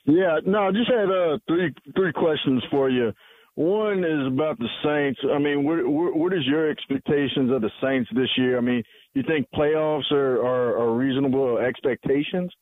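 A man's voice: medium pitch, normal speed, no room sound. A man calling in to a sports radio show, asking questions hesitantly and repeating words. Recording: dry, tinny phone line.

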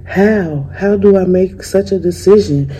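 A woman's voice: fairly low pitch, measured pace, dark tone, slight background noise, lightly acted, low-quality recording. A woman doing a stubborn little boy. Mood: despairing. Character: young boy, stubborn about his pants.

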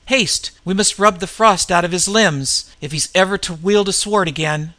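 A man's voice: sits high, pushed and bright. A man doing an urgent, raised-voice warrior. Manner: urgent, brisk. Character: urgent warrior tending a frozen comrade.

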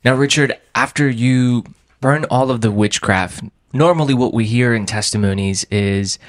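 A man hosting an interview, asking calm, reflective questions about a guest's testimony. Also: medium pitch, normal speed, no room sound, clean studio sound. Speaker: interview host.

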